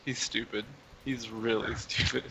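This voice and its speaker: A gravelly, low-pitched man with a sharp, bright edge to his tone, cracking jokes as a tabletop player. Faint background hiss and room sound hang behind him. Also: little pitch movement, measured pace, rough recording. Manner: joking, wisecracking. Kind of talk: tabletop role-play chat.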